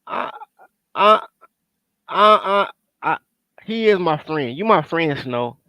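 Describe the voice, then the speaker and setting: A man co-hosts a casual reaction chat with a high-pitched voice. His speech is loud and exclamatory, full of laughter, and it swings up and down. The sound is dry and close, with no room echo. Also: lively intonation, takes it slowly. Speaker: co-host.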